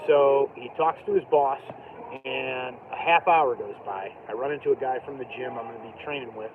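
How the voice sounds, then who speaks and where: A man's voice: medium pitch, moderate pace. A man live-streaming from a downtown street, talking loosely and casually with lots of "like" and "dude". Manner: loose, chatty, full of "like" and "dude". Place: outdoors on a downtown street, band playing nearby. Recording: tinny phone-line sound with loud street noise.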